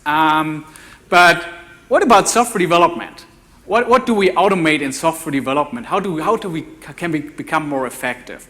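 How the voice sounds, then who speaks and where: A man in his forties from Germany with a German accent, giving a live conference talk as a developer evangelist, talking in a halting way with many restarts and repeated words. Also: on the high side, expressive, sharp tone, slight background noise. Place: conference ballroom.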